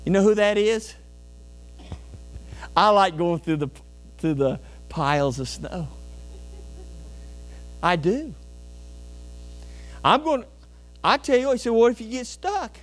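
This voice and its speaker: A pastor preaching a folksy, animated sermon, asking the congregation questions and telling homey stories. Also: male voice, sits high, slow, long pauses. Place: church sanctuary.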